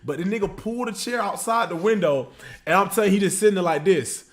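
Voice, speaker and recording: A man casually telling a funny story on his livestream in an animated, slangy way with lots of asides. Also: high voice, quick pace.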